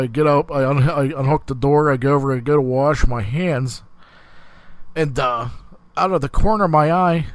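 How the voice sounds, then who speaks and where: A man's voice: a little high, no room sound. A man hosting a podcast, telling a crude story in casual, profane chat, rambling with many fillers and restarts. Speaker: podcast host.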